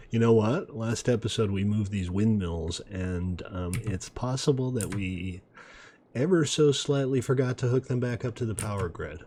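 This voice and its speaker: A man with a fairly low voice talks through his city-building game at the computer. His tone is easygoing and chatty, with self-deprecating jokes along the way. Soft mouse clicks and keyboard taps sit faintly behind him. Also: measured pace, slight background noise. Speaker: gaming video host. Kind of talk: casual gameplay commentary. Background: faint mouse clicks and typing.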